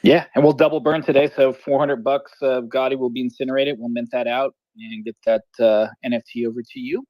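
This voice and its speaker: A man on a casual livestream, briskly announcing plans. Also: mid-range voice, fairly even intonation, dry recording, muffled recording.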